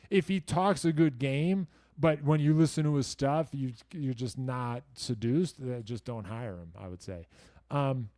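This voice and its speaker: Answering viewer questions on a relaxed livestream, this man rambles and puts himself down, dropping lots of "likes," "you knows," and crude, blunt comments. He has a warm, mid-range voice captured at studio quality with no echo.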